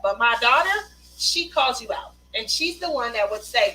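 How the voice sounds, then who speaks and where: A chatty woman hosts a casual craft livestream, laughing often as she reads out viewer comments. Her voice sits high and bright. A faint hum runs behind her. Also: lively intonation, normal speed, poor audio. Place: Las Vegas.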